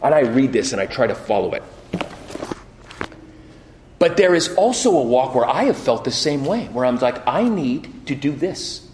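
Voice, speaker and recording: A middle-aged man preaching a sermon, telling stories with lively quoted voices and frequent restarts. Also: medium pitch, moderate pace, long pauses, slight background noise. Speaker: pastor. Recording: echoey hall.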